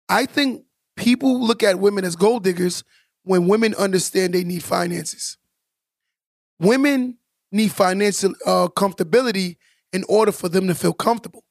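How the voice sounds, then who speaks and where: A man's voice: sits high, gravelly, no echo, clean studio sound. A man co-hosting a casual podcast, talking emphatically and preachily, repeating points for stress. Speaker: podcast co-host.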